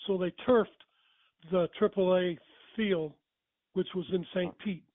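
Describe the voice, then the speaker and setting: A man's voice: sits high, fairly even intonation, unhurried, dry recording. An older man telling stories casually, rambling and correcting himself as he goes. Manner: rambling, self-correcting, chuckling. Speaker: storyteller. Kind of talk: casual storytelling. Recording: tinny phone-like sound.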